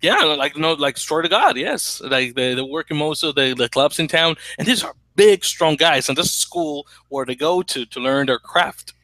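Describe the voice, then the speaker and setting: A man's voice: a little high, lively intonation, normal speed, hardly any pauses, sharp tone, dry recording. A man co-hosting a sports podcast, chatting casually with hesitant fillers and restarts. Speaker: podcast co-host.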